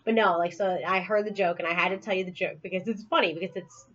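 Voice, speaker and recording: A woman's voice: fairly low pitch, steady tone, quick pace, a bit bright. Giggly woman telling a joke, muffled audio. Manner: giggly storyteller, laughs often. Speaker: podcast co-host. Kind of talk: casual chat.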